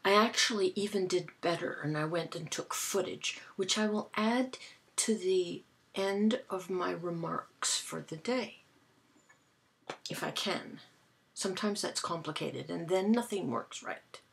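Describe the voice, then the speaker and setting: A woman, casually telling stories to her camera in a dry, amused way, with soft breathy asides. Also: on the low side, a little slow. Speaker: vlogger. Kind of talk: casual chatty storytelling to camera.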